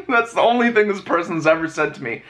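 Hoarse guy vlogging stories, voice all over the place, keeps laughing. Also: high-pitched, big pitch swings, normal speed, fairly bright tone. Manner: laughs often while telling stories. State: hoarse, lost voice. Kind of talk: casual storytelling vlog.

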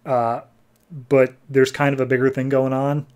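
A man with an average-pitched voice hosts a podcast and casually recaps comic book issues. He tells the stories animatedly and jumps into quick voices for the characters as he goes. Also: little pitch movement, darkish tone, smooth. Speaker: podcast host.

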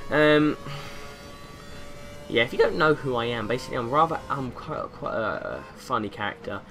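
A man's voice: mid-range voice, big pitch swings, moderate pace, fairly bright tone, soft background music. A young man from England giving a rambling, jokey commentary over a racing game in his bedroom, slipping into silly voices now and then. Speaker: gaming YouTuber. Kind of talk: casual gameplay commentary. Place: bedroom with window open.

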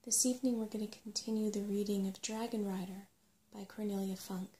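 A woman reading a bedtime story aloud in a hushed ASMR voice, curled up on a sofa at home. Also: mid-range voice, flat delivery, fairly quick. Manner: hushed, slipping into whisper.

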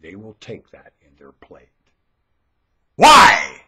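A man delivering a preachy, ranting monologue into a webcam microphone, lurching between muttering and shouting. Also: lowish voice, animated, normal speed.

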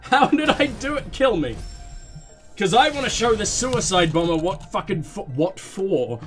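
A man with a high voice talks through a video game, swearing freely and mocking himself as he goes. His pitch leaps around with lively energy. Game music plays faintly behind him. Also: measured pace. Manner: excitable, swearing, self-mocking. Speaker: let's play host.

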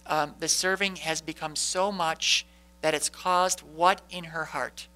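A man leads a parish Bible study with a bright, fairly high voice. He talks to the group like a friendly teacher, tossing out questions and answering them with a quick "right?". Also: steady tone, low-quality recording.

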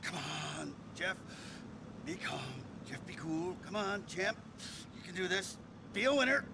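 An actor playing a distraught middle-aged husband who rants and pleads in a video game. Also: male voice, high voice, sing-song, normal speed, very noisy. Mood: self-coaching. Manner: ranting, swings from sobbing rage to self pep talk.

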